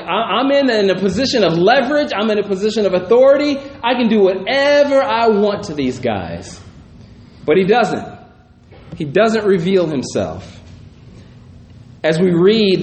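A pastor reading scripture aloud and then musing on it in a conversational teaching style, often checking in with "right?". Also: male voice, high voice, darkish tone. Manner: reads scripture, then muses aloud with frequent "right?" asides. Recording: roomy echo, faint background noise.

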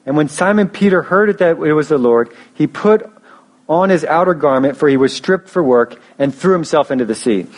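A man's voice: a little high, animated, moderate pace. A young man preaching a sermon in a casual storytelling way, often restarting phrases and adding fillers. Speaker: pastor.

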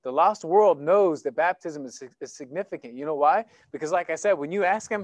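A man preaching a sermon in church, animated and conversational, acting out little exchanges as he goes. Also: fairly high pitch, fairly quick, hardly any pauses, dry recording. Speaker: pastor. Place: church sanctuary.

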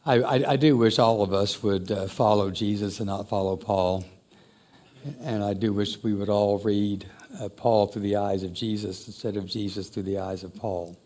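Low-voiced pastor preaching. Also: male voice, fairly even intonation, moderate pace, mellow. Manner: conversational, reflective, rising to emphatic exhortation. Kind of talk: sermon.

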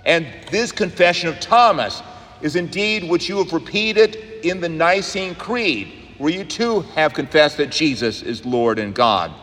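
A man, a pastor, preaching an earnest sermon in a church, rising and quickening on key points. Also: a little high, animated, fairly bright tone. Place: church sanctuary. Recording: long church reverb.

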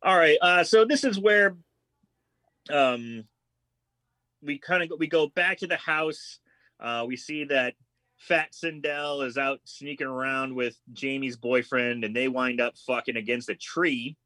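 A man's voice: medium pitch, dry recording, poor audio. A man casually recapping a horror movie on a podcast, swearing freely and acting out lines from the film. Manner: animated, acts out film lines in quick impressions.

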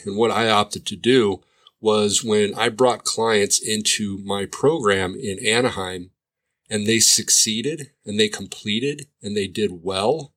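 Man, lowish bright voice, sarcastic commentator firing rhetorical questions. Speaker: addiction treatment provider. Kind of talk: commentary monologue.

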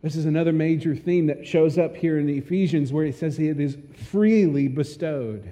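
A man's voice: on the high side, moderate pace, dark tone, in a large hall. A man preaching a sermon as a pastor, earnest, repeating key phrases for emphasis.

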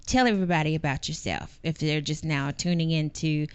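A woman co-hosting a casual podcast, introducing herself playfully in a slow, drawn-out way. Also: deep voice, smooth, dry recording. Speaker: podcast co-host. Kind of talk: casual chat.

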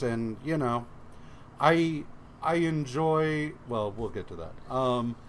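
A man co-hosting a casual podcast, recapping calmly with many pauses and fillers. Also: medium pitch, slight background noise. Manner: relaxed, hesitant, many fillers. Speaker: podcast co-host. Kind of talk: casual comics podcast chat.

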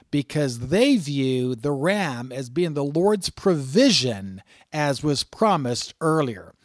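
A man's voice: a little high, no room sound. Emphatic male Bible teacher, dry sound. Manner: emphatic, reads scripture aloud and repeats key words; frequent "uh" fillers and restarts. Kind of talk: sermon-style scripture teaching.

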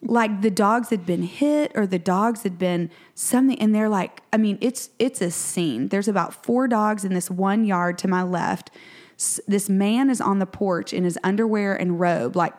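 Woman in her forties, podcast co-host, casual storytelling, mid-pitched, animated quoting. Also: moderate pace. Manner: animated, acts out quotes with lively pitch jumps.

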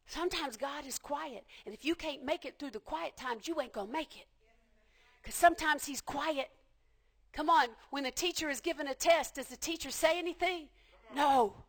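A woman preacher delivering a passionate sermon, repeating phrases and building to shouts. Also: high-pitched, lively intonation, moderate pace, vocal fry.

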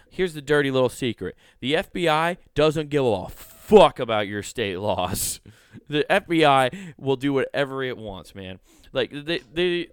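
A man's voice: mid-range voice, smooth, no room sound, clean studio sound. A man hosting a podcast, reading news articles aloud and riffing on them in a rambling, profane, joking way. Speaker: podcast host.

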